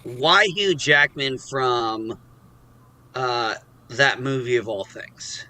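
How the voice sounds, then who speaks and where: A man's voice: medium pitch, very slow, sharp tone. A man hosting a casual live stream chat, rambling and cursing freely. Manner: swears freely, rambling, self-deprecating. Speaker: host.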